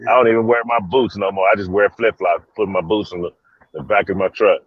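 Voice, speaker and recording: Low-voiced man on a dull phone line. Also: steady tone, brisk, slightly rough, no room sound. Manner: blunt, slangy, laid back. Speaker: caller. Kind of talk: casual chat. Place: moving vehicle on a freeway.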